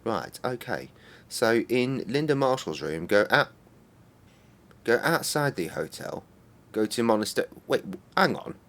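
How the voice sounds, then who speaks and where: A man's voice: medium pitch, big pitch swings, a little slow, a bit bright. A man streaming a game, swearing and muttering exasperatedly at it. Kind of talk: casual game-stream commentary.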